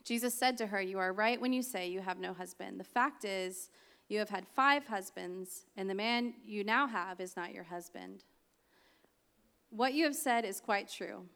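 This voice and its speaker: A woman's voice: mid-range voice, normal speed, a bit bright. A woman preaching a sermon, reading scripture aloud with chatty, laughing asides.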